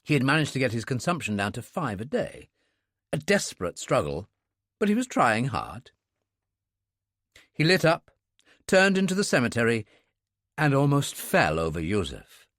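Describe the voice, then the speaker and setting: A man narrating a thriller audiobook in a steady, measured storytelling manner. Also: medium pitch, dry recording, studio quality. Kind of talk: scripted narration.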